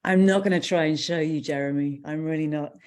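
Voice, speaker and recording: A woman's voice: low-pitched, fairly even intonation, brisk, darkish tone. A woman interviewer asking questions in a light, playful conversational manner.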